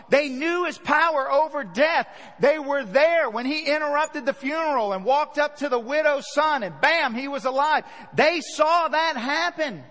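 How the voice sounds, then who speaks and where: A man preaching a sermon as pastor, lively and storytelling, dropping into hushed voices to act out scenes. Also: very high voice, big-room sound. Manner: animated preaching, acting out scenes in hushed asides.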